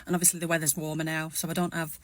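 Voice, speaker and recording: Rambling, reflective Englishwoman, lowish voice. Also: flat delivery, very fast. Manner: rambling, reflective, steadying herself. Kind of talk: personal vlog monologue.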